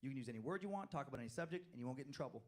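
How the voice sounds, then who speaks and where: A man performing stand-up comedy, telling family stories in an animated way with laughing asides and quick act-outs. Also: medium pitch.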